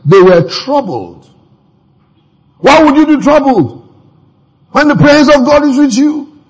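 A man's voice: high voice, a little mellow, husky, rough recording. A man preaching a sermon in a conversational way, with laughing asides and many fillers.

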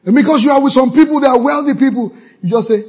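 A man delivers a fervent church sermon, drawing call-and-response from the congregation and bursting into shouts. His voice sits high and comes out husky and breathy. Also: quick pace, lo-fi sound. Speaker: pastor.

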